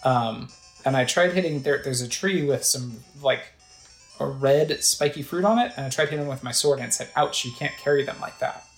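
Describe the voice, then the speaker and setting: A game player talks through gameplay in a loose, rambling way, full of fillers. The pitch sits in the middle range. The voice echoes around the room with faint music underneath. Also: expressive, normal speed. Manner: rambling, conversational, filler-heavy. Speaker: let's play narrator. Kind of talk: casual gameplay narration.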